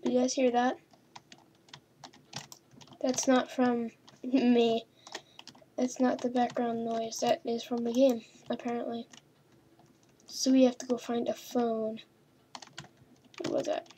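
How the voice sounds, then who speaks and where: Over slight background noise, a woman with a mellow, slightly high voice and level tone hosts a gaming video at a measured pace, pausing often. Her horror-game commentary is playful and chatty, addressing the characters directly with some mild swearing.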